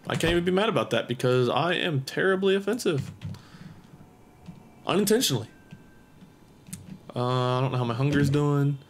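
A man's voice: on the high side, lively intonation, normal speed, long pauses, slight background noise. A young man doing let's play commentary, goofy and self-mocking, talking to himself and to the game's creatures. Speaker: gameplay commentator. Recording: game music behind voice.

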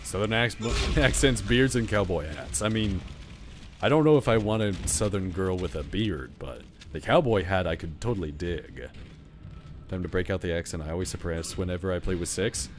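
A man's voice: deep voice, moderate pace. A man streaming a horror video game, joking and chatting casually as he plays and talks back to the game. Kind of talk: casual gameplay commentary. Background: game music.

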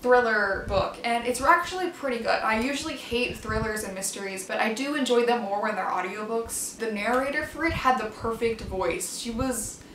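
A woman's voice: a little high, moderate pace, few pauses, a bit bright. A woman chatting enthusiastically about books in a casual review vlog, with plenty of "like" fillers. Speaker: book reviewer. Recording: echoey room, mic far off, faint background noise.

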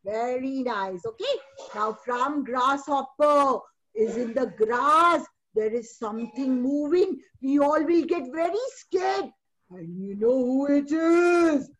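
A woman's voice: sits high, lively intonation, slow, low-quality recording. A woman, a kindergarten teacher hosting an online fancy dress show, encouraging and storytelling with drama.

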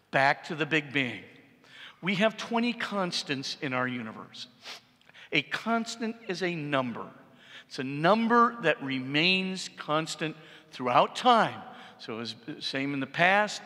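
A middle-aged man, a priest, giving an animated public lecture and often checking with the audience. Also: on the high side. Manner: animated, repeats for emphasis, asks the audience "right?". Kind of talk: public lecture on science and faith. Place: large church. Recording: long reverb in a church hall.

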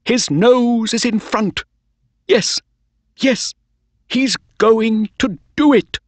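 A man voicing an excitable racehorse owner in a storybook reading, crying out loudly as his horse runs. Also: medium pitch, extremely slow, no echo, voice pushed up, exaggerated voice. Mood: thrilled. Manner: loud, excited cries. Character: excitable male racehorse owner, cold then thrilled.

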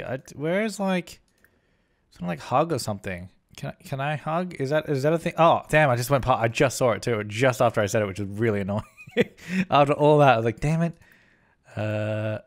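Young man, casual gameplay commentary, chatty, rambling, mid-pitched voice. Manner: chatty, self-correcting, often voicing his characters. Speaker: gaming YouTuber. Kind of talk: casual let's-play commentary.

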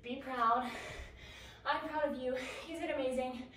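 A woman's voice: high voice, fairly even intonation, unhurried, a bit bright, far from the mic, a little hiss or hum. A woman coaching a home workout, out of breath, encouraging and counting down reps. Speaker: fitness instructor. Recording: echoey room, voice from off the mic.

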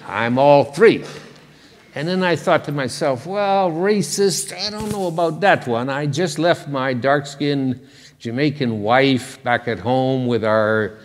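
A man's voice: mid-range voice, measured pace, a little hiss or hum. An older man giving a public lecture, wry and conversational, with a self-deprecating humor. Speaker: guest lecturer. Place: large lecture hall. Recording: reverberant lecture hall.

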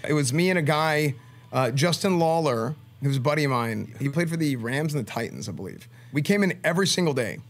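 Animated man telling a story. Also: on the high side, a little fast. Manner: animated, lots of filler "like", acts out quoted speech. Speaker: streamer. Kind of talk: casual storytelling.

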